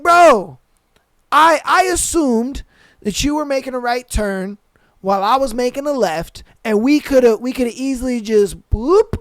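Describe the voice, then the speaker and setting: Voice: high voice, no room sound. A podcast host telling a story in casual, slangy, profane speech, repeating phrases for emphasis and acting out what people said. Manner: animated, profane, acts out quoted lines.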